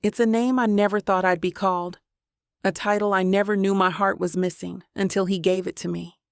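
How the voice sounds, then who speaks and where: A woman narrating a first-person romance audiobook in a warm, emotional storytelling manner. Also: medium pitch, fairly even intonation, a little fast, vocal fry, no echo, studio quality.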